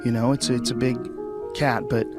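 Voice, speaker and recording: A man's voice: mid-range voice, normal speed, loud music behind the voice. A man hosting a podcast, telling vivid stories in casual chat with lots of swearing and emphatic repetition. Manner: animated, profane storytelling. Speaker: podcast host.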